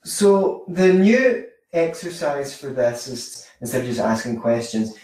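A man teaches social skills in a loose, rambling way, full of anecdotes and self-corrections. His voice is mid-pitched and comes from a distance, in a strongly echoing room. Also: expressive, unhurried, darkish tone. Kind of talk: informal teaching monologue. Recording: very echoey room, mic far off.

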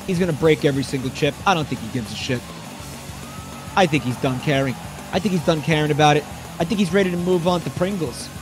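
A man doing excited play-by-play commentary on a wrestling match, rambling and swearing, bursting into yells. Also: a little high, fast, music in the background.

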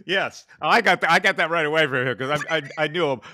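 A male podcast host conducting a casual sports interview, chatty and quick to jump in with prompts. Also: on the high side, pushed and bright, dry recording, studio quality.

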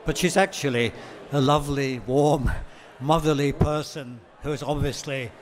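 This man, a literary translator giving a book-fair talk, has a voice on the high side. He reads passages in a measured manner, with the odd "um" and a few self-corrections along the way.

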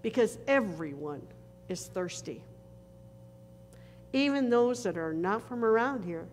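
A woman pastor delivers a sermon in slow, deliberate phrases, pausing for weight between her lines. Her voice carries through a church sanctuary with a long reverberant tail and a faint hum of noise behind it. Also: medium pitch, animated, a little mellow. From northern United States. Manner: slow, earnest preaching with dramatic pauses.

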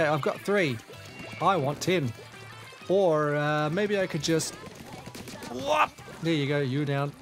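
A man with a New Zealand accent commentating his own gameplay, excitable, with frequent exclamations and self-deprecating asides. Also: sits high. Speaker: gaming YouTuber. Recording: game music playing underneath.

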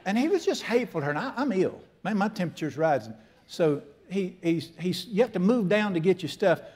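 A man's voice: high-pitched, sing-song, fairly quick, darkish tone, breathy edge. A man, preaching a sermon in an emphatic, folksy, storytelling way with humor. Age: 60s. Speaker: pastor.

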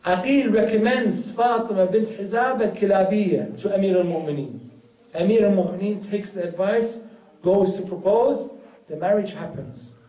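A man's voice: normal speed, dark tone. A man telling a tragic story in a sermon, rising into an emotional lament. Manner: storytelling that rises to an emotional, high-pitched lament. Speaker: Muharram speaker. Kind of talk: narrated religious sermon. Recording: roomy hall from far off.

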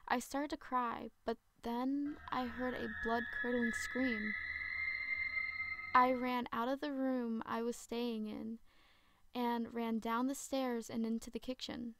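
A woman narrating a first-person horror story in a dramatic, slow storytelling way. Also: on the high side, no room sound, clean studio sound.

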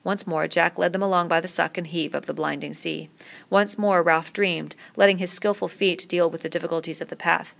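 A woman reading a novel aloud in a steady storytelling voice. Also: on the low side, fairly quick, creaky. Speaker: reader.

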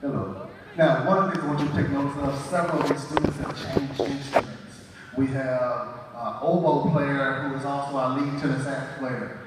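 A middle-aged man, a school band director, speaking to a concert audience in a folksy, halting way with many restarts. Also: mid-range voice, fairly even intonation. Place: school auditorium. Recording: echoey hall from far off, faint noise.

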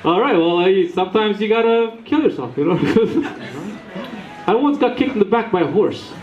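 A man from Romania doing crowd work in a comedy club, teasing the audience with quick banter. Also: high voice, expressive, darkish tone, soft background music. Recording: echoey room, dull sound, crowd laughter.

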